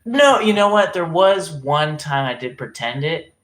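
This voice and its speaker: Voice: mid-range voice, sing-song, measured pace, fairly bright tone. Rambling, swearing livestreamer reading chat. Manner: rambling, self-interrupting, reacting to chat messages; swearing freely.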